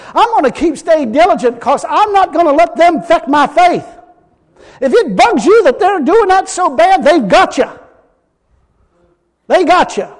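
A preacher with a strikingly high voice that swings up and down as he drives his points home. He talks in a folksy, emphatic way and keeps repeating himself for weight. The sound carries a long reverb, as in a church hall. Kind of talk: sermon.

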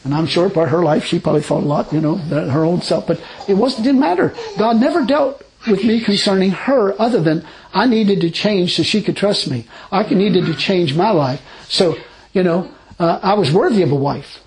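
A married Christian man giving his testimony in a rambling, animated way, laughing often and acting out conversations. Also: sits high, moderate pace, slight background noise, low-quality recording. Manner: animated, laughing storyteller who acts out dialogue; rambling with frequent restarts.

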